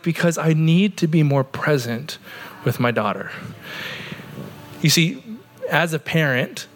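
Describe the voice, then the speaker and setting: In a church sanctuary, an Oregon pastor in his thirties gives a sermon with a slightly high, somewhat bright voice. He sounds earnest and conversational, dropping plenty of "like" fillers along the way.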